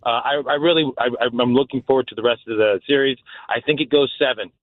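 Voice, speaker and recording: A man's voice: medium pitch, fast talker, dry recording. A man calling in to a sports radio show, earnest and a bit rambling. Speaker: caller. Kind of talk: call-in radio chat. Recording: tinny phone line.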